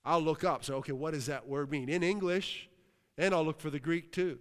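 Brisk and steady in tone, a pastor from Western Pennsylvania preaches with a smooth, resonant, slightly high male voice. Hallelujahs punctuate his points, he keeps questioning the congregation about whether they're with him, and the large hall adds a long reverb.

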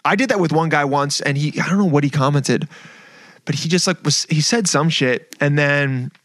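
A young man hosting a podcast in a loose, casual chat, animated and quick to swear as he acts out other people's lines. His voice sits a little high for a man. The recording is close and dry, with no room sound. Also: no room sound. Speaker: podcast host.

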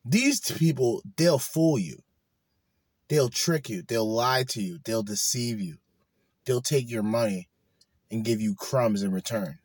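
A man's voice: mid-range voice, animated, measured pace, a little mellow, no room sound. A man giving heated commentary in a blunt, profane way. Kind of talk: ranting commentary.

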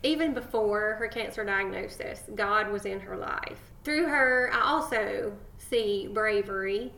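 Earnest woman cohost on a faith podcast, mid pitch, roomy echo around her. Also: a little slow, gravelly. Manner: earnest, affectionate, warm praise of guests. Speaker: podcast co-host. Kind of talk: casual faith podcast chat.

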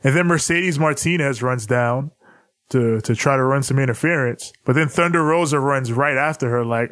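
A man co-hosting a casual podcast, giving a relaxed play-by-play wrestling recap with laughs. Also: medium pitch, moderate pace, no room sound. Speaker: podcast co-host.

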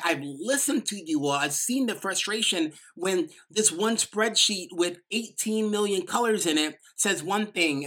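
A woman with a New York accent giving a motivational talk, quick and emphatic, with many "like" fillers. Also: mid-range voice, fairly bright tone, husky. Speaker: speaker.

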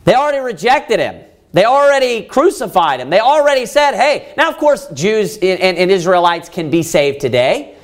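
Guy preaching, high voice that jumps all over, keeps asking questions, gets loud on the quotes. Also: sing-song, normal speed. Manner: emphatic, rhetorical questions, voices pleading characters. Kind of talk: sermon with scripture reading.

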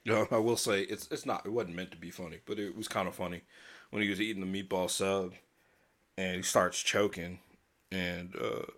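Slangy, animated man with a lowish voice. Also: normal speed. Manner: animated storyteller, slangy, laughs at own tales. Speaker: podcast co-host. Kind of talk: casual film review chat.

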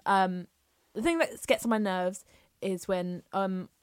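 A woman's voice: mid-range voice, a little slow, clear, resonant tone, no echo, studio quality. A woman, co-hosting a podcast in casual, chatty talk full of "like" and giggles. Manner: chatty, giggly, lots of filler "like". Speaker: podcast co-host. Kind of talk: casual chat.

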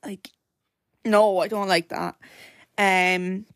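A woman's voice: mid-range voice, steady tone, slow pace, no echo, studio quality. Chatty Irish woman telling a story. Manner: rambling, full of "like" and self-corrections. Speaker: podcast host.

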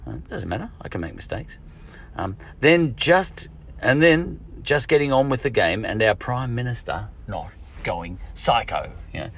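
A man's voice: medium pitch, sing-song, moderate pace, fairly bright tone. An Australian man hosting a podcast, talking in a chatty, digressive solo monologue and often correcting himself mid-thought. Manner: chatty, digressive, self-correcting with frequent "you know" and chuckles. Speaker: podcast host.

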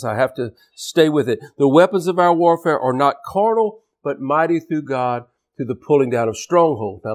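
A man's voice: on the high side, darkish tone. A man preaching a sermon in an emphatic style, often repeating words and restarting phrases. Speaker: pastor.

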